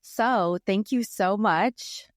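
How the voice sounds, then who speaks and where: A woman's voice: mid-range voice, drawn-out words, no room sound, studio quality. A middle-aged woman hosting a wellness podcast, upbeat, closing the episode with friendly sign-offs. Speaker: podcast host. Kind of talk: casual podcast chat and scripted outro.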